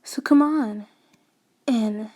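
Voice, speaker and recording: Protective middle-aged mom, flat and coldly polite, read by a woman; fanfic audio reading. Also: a little high, very slow.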